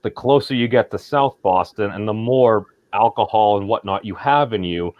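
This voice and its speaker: A man's voice: lowish voice, fairly quick, hardly any pauses, no room sound, narrow, tinny audio. A man from Massachusetts, chatting casually on a group stream, rambling with many fillers and restarts.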